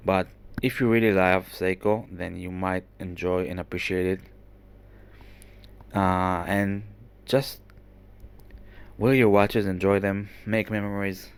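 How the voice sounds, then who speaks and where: A man with a slightly low voice hosts a casual show-and-tell vlog from his home. He talks with rambling enthusiasm, full of fillers, restarts and asides. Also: smooth. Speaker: watch vlogger.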